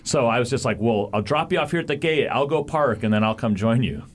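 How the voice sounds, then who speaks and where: A man's voice: medium pitch, lively intonation, fairly quick. Rambling American man telling a story. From United States. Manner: rambling, laughs often, acts out quotes. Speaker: podcast co-host. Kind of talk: casual chat, storytelling.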